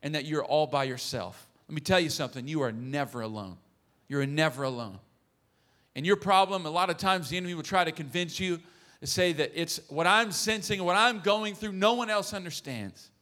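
Pastor, male, 30s, sermon delivery: earnest, bright, slightly high voice, joking asides to the crowd. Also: fairly quick.

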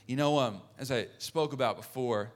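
A man in his thirties preaching a sermon as a pastor, earnest and warm with joking asides to the congregation. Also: mid-range voice, normal speed.

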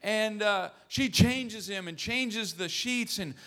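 Bright-voiced man preaching a sermon. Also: high-pitched, slow pace. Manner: earnest, joking asides to the congregation. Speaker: pastor.

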